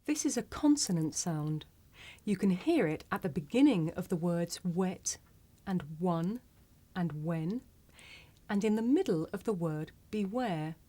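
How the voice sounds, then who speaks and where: A woman teaching English pronunciation, saying single words slowly and carefully for learners to repeat. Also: on the low side, expressive, mellow. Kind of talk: slow scripted pronunciation lesson.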